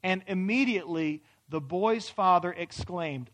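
A man with a very high voice preaches a sermon in a church. He swings from loud, pleading questions down to hushed near-whispers as he acts out prayers. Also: measured pace, few pauses. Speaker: pastor. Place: church hall.

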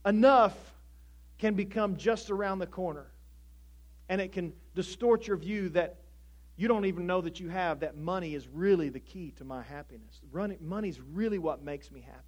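A pastor preaching a sermon to a congregation, talking conversationally with jokes and building to emphatic preaching. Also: male voice, high-pitched, normal speed.

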